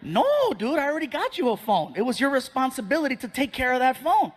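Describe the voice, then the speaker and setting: A man's voice: sits high, a little fast. A man playing a sulky, grudging teenage boy. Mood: whiny. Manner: flat, grudging, whiny when he wants something. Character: sulky teenage boy, a one-word talker.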